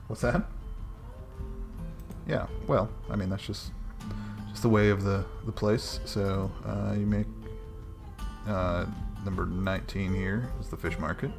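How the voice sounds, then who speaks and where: Game master, male, lowish voice, halting narration with lots of fillers. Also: little pitch movement, creaky, over music. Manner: hesitant, many ums.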